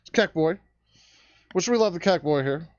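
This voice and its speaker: A man's voice: fairly high pitch, expressive, normal speed, no room sound. A man hosting a profane rant vlog, talking in a crude, sarcastic and fired-up way. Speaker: vlog host ranting. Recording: dull, lo-fi dry recording.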